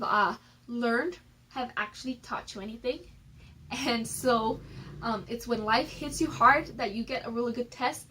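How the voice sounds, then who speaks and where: A woman with a somewhat high, husky voice talks straight to the camera about personal growth. She is candid and chatty and fills her talk with "like" and "um", as in a casual advice vlog recorded on a phone. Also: a bit bright, low-quality recording. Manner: candid and chatty, many fillers like "like" and "um". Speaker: personal development vlogger.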